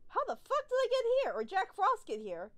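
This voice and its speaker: A young woman playing a horror game and commenting on it, excitable and nervous, swearing often. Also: very high voice, fairly quick. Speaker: gaming video creator.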